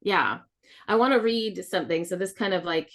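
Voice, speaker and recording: A woman with a low, gravelly voice talks in a casual podcast chat. She rambles candidly and leans on lots of fillers. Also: normal speed, fairly bright tone. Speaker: podcast co-host sharing her experience.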